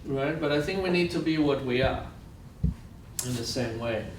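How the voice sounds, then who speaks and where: Gravelly guy lecturing, mic pretty far away, echoey room, little hiss. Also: mid-range voice, a little slow. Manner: earnest, repeats phrases for weight. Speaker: guest lecturer. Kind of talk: storytelling lecture.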